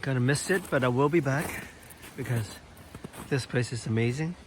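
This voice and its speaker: A man's voice: medium pitch, moderate pace, background noise. A man vlogging on a hillside trail near a waterfall, awestruck and often exclaiming over the view. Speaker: nature vlogger. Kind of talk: casual narration while walking outdoors.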